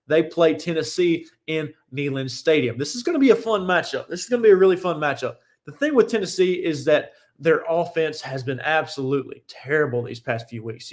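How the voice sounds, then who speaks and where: Young guy ranting about college football on his own show, mid pitch, lots of restarts. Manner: opinionated, rambling, restarts often. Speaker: sports talk show host. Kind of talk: casual solo sports commentary.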